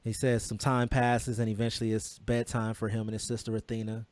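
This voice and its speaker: Low-voiced man retelling a story. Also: little pitch movement, a little fast, darkish tone, no room sound. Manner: recounts events with many quoted exchanges and restarts. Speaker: podcast co-host. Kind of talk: casual podcast chat, retelling a story.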